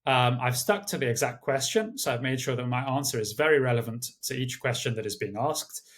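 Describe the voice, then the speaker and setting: A man giving a recorded exam tutorial, speaking in a measured way with many uh and um fillers. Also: medium pitch. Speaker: language tutor. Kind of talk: screen-share exam tutorial.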